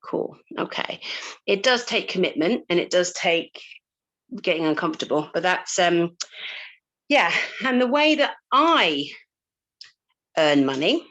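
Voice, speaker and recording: A woman's voice: on the low side, expressive, a little slow, pauses often, fairly bright tone, dull audio. A woman coach talking casually to a group, chatty, with frequent laughs and fillers and casual swearing. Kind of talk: casual talk to a live group.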